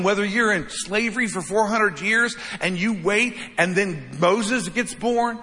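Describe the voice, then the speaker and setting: A man's voice: high voice, sharp tone. A man preaching a sermon as pastor, with an emphatic delivery that repeats phrases and keeps asking "right?". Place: church sanctuary. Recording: long reverb of a large hall.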